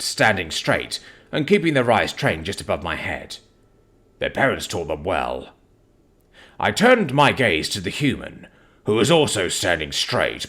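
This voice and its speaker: A man's voice: fairly low pitch, a bit bright, breathy edge. A man narrating a fantasy story in the first person as an orc chief.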